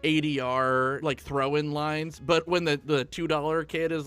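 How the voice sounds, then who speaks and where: Male podcast co-host, bright and slightly high, easy laugher, dry close mic. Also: flat delivery, measured pace, smooth, dry recording. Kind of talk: casual chat.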